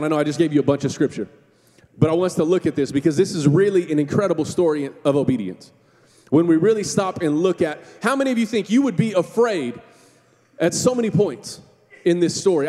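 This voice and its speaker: A man's voice: on the high side, darkish tone. A man in his thirties preaching a sermon as campus pastor, telling stories in a chatty, joking way with acted-out quotes. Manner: conversational, jokey storytelling with acted-out quotes. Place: church sanctuary. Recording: long hall reverb in a church.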